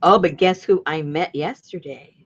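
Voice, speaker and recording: A woman's voice: fairly low pitch, moderate pace, husky, dull audio. A woman chatting casually while she crafts. She tells a long rambling story, laughs often and acts out what people said. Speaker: junk journal crafter and channel host.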